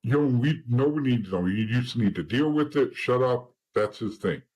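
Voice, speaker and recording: A man's voice: mid-range voice, animated, moderate pace, a little mellow, breathy edge, poor audio. A man guest in an interview, telling stories in blunt casual talk with swearing and acting out the dialogue of the people in them.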